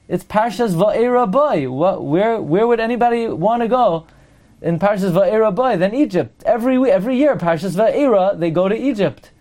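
A man, his carrying a lilt, gives a Torah class in a fairly high voice. He poses one question after another and slows down to read each verse. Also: animated, darkish tone. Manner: asks rhetorical questions, quotes Hebrew verses slowly. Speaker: rabbi teaching Torah.

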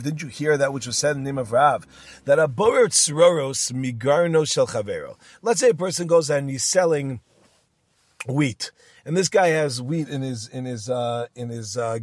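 A man's voice: medium pitch, dry recording. A man teaching a casual Talmud class, acting out the rabbis' dialogue with Hebrew and Aramaic terms.

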